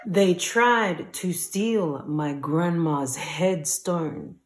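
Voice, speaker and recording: A woman vlogging casually to camera while traveling, shifting between playful chatter and quiet emotion. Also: fairly low pitch, lively intonation, extremely slow, reverberant, a little hiss or hum. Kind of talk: casual vlog talk to camera. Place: outdoors at cemeteries.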